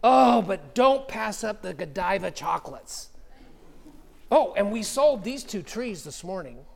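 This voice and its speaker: A man's voice: high-pitched, big pitch swings, measured pace, gravelly, exaggerated voice. A man voicing a chatty, effusive woman shopkeeper, eager to please, while retelling a story in a sermon.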